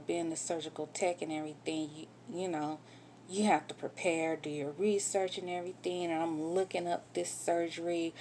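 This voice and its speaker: A woman's voice: lowish voice, mellow, a little hiss or hum. A woman candidly telling a personal story in a vlog, getting emotional and swearing when upset. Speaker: vlogger telling her own story.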